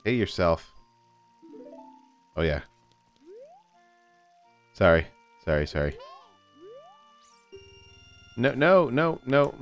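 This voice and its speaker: Low-voiced excitable gamer man. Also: drawn-out words, long pauses, faint music behind. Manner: excitable, talks to the game, swears casually. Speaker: let's play host. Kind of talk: gameplay commentary.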